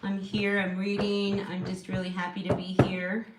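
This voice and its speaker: In an echoey room with steady background noise, a woman hosts a casual live tarot reading from home. Speaking at a moderate pace in a mid-range voice, she's chatty and encouraging and leans heavily on "you know."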